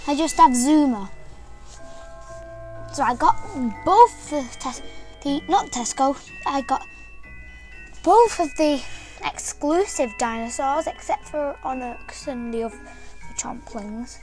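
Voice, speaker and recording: British woman, high voice, unhurried toy demo that rambles and self-corrects, soft music underneath. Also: animated, rough recording. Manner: rambling, eager, often correcting herself. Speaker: toy reviewer. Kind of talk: casual toy demonstration.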